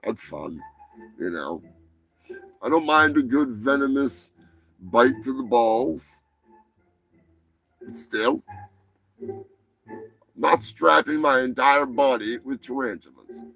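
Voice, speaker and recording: A man's voice: medium pitch, takes it slowly, creaky, long pauses, a bit bright, dry recording, faint music behind, rough recording. A man hosting a live show, reading odd news stories in a crude, profane, mocking way. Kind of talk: crude comedic news chat.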